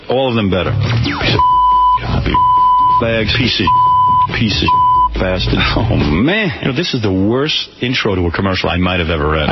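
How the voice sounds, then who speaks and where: A man's voice: fairly low pitch, huge pitch swings, a little fast. A man hosting a radio show who rants and curses while mocking the ad copy he has to read aloud. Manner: exasperated, cursing, mocking the ad copy. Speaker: radio host reading an ad. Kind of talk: ranting ad read. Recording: dull lo-fi radio recording with music.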